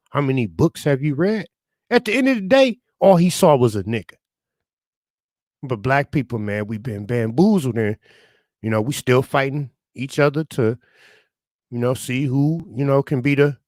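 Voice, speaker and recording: A man's voice: mid-range voice, a little mellow, no echo. A man giving impassioned political commentary as a talk radio panelist, talking into a studio microphone and filling his speech with "you know" and "man".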